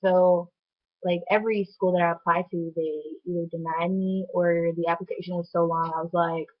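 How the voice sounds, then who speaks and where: A young woman telling a personal story to camera in a chatty, animated way, full of "like" fillers. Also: on the low side, moderate pace. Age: young adult. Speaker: vlogger. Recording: dull lo-fi sound.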